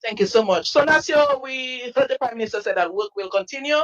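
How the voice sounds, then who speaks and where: A woman reporter interviews people in the field, polite and formal in her phrasing. Her voice is somewhat high. The recording has a dull, lo-fi sound. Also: a little fast. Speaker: news reporter.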